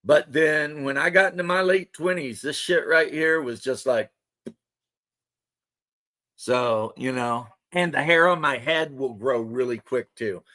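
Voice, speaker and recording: Unhurried and medium-pitched, this man's voice has a bright, forceful tone. In his thirties, he hosts a livestream and keeps up loose, rambling, joking chat with his audience.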